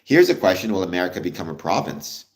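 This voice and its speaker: Hosting a livestream, a Canadian man talks fast in a low-pitched voice with big swings in pitch. His chat with viewers is casual, friendly, and meandering, full of "ums."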